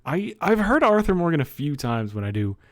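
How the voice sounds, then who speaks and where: A man's voice: a little high, big pitch swings, fairly quick. A young man streamer in casual livestream chat, joking and laughing often.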